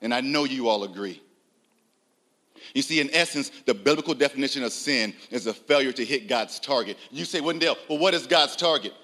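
Bright-voiced emphatic male preacher. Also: fairly quick. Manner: emphatic, rising loud on key lines, drops low and soft; uses rhetorical questions and audience address. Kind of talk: sermon.

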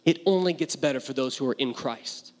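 A man preaching a sermon, animated and joking at times, then falling to a hushed, intense voice. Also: medium pitch, fairly quick. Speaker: pastor. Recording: long hall reverb.

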